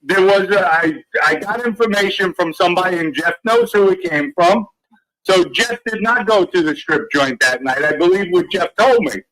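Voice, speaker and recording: A man in a played clip from another stream, speaking earnestly and stumbling over his words as he tries to calm things down. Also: high-pitched, moderate pace, low-quality recording. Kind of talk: heated live stream discussion.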